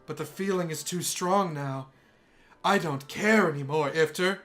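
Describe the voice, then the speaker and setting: Yuri, a man voicing a hushed, obsessive young woman. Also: on the high side, a little slow, soft background music. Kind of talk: reading visual novel dialogue aloud.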